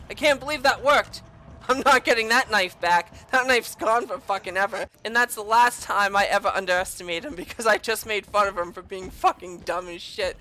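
A woman doing let's-play commentary on a horror game, excitable and profane, swinging between groans and shrieks. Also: medium pitch, moderate pace, a little hiss or hum. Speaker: game streamer.

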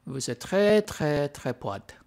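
A man putting on a hammy French-speaking gentleman persona during a gaming livestream, with theatrical, sing-song exclamations. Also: a little high, big pitch swings, takes it slowly, gravelly, full character voice. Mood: playful.

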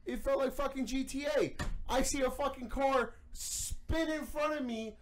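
A man hosting a podcast, telling a story in casual chat, animated and profane. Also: very high-pitched, measured pace, a little hiss or hum. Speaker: podcast host.

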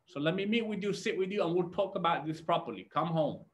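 A man voicing a worried, skeptical mother who calmly urges her child to come home and talk. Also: high-pitched, fast, natural voice. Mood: concerned. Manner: calm, firm and concerned.

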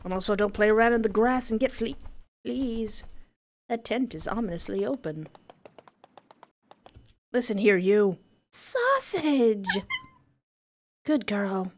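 A woman's voice: fairly high pitch, big pitch swings, slow pace, pauses often, a little hiss or hum. A woman hosting a game playthrough, commenting playfully with sing-song calls. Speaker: let's play host. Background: game music.

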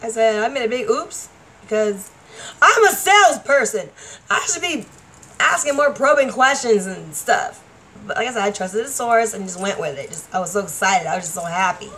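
A woman's voice: medium pitch, animated, moderate pace, pushed and bright, rough recording. A woman vlogger talking casually to the camera, rambling and laughing often. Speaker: vlogger and stage performer.

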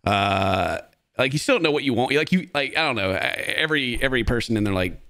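A man in his thirties hosts a loose reaction commentary, rambling, laughing and tossing out sarcastic asides. His voice is bright and swings widely in pitch. The sound is dry and close. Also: lively intonation, a little fast, no room sound. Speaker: host.

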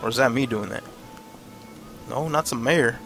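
A man's voice: mid-range voice, moderate pace, creaky, a bit bright, faint music behind. A man giving casual, frustrated commentary over his gameplay, swearing and thinking aloud. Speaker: let's play gamer.

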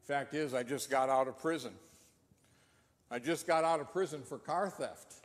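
Gruff old bearded ex-con guy, pastor doing him, low quiet plain talk, long church echo. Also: normal speed, lightly acted. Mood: blunt. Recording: long reverb of a church hall.

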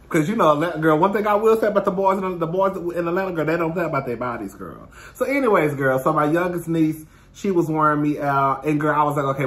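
A man in his thirties telling casual stories straight to his viewers in a sassy, expressive way, calling them "girl" and "honey" and swearing freely. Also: on the high side. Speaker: host of his own talk stream.

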